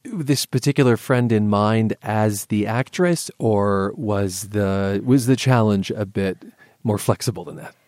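A man hosting a program, introducing his guest and asking probing questions in a measured way. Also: fairly low pitch, darkish tone, dry recording, studio quality. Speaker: radio host. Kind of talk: interview.

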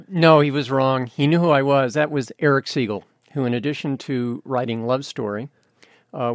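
An older man from the United States speaks as an interview guest, with a gravelly, creaky edge to his mid-pitched voice. He tells his story candidly and steadily, recorded close and dry. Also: dry recording. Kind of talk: interview conversation.

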